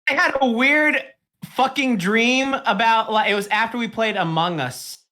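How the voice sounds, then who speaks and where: A man's voice: extremely high pitch, normal speed, pushed and bright. A man co-hosting a podcast in casual chat, rambling through a story, swearing and laughing as he goes. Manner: rambling, swears a lot, laughs while telling stories. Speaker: podcast co-host.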